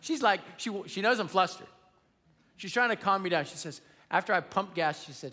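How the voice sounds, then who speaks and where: A man preaching a sermon as pastor, telling a story with humor in an animated, emphatic way and. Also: high voice, normal speed. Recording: long reverb of a large hall.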